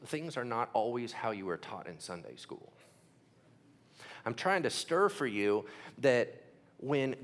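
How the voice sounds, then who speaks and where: A man's voice: medium pitch, a bit bright. A man preaching a sermon, telling the stories animatedly with sound effects and acted-out quotes.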